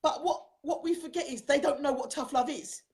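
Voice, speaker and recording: A woman's voice: sits high, fairly quick, darkish tone. A middle-aged woman hosting a live online chat show over a video call, chatting and reading out viewer comments. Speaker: host.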